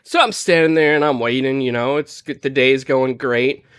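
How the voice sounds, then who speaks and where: A man on a gaming podcast, casually retelling a story in an animated way, full of "like" and "you know". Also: medium pitch, moderate pace, clean tone, no room sound, studio quality. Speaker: podcast panelist.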